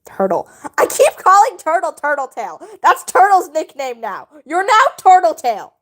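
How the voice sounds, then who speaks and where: A woman's voice: high voice, sing-song, moderate pace. A woman livestreaming while she draws, chatting casually and rambling to her viewers, often laughing.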